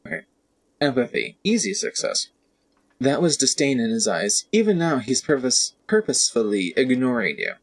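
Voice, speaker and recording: A man's voice: medium pitch, big pitch swings, fairly quick, hardly any pauses, breathy edge. A man streaming a video game, reading the text aloud and commenting casually and animatedly, swearing now and then, into a studio mic.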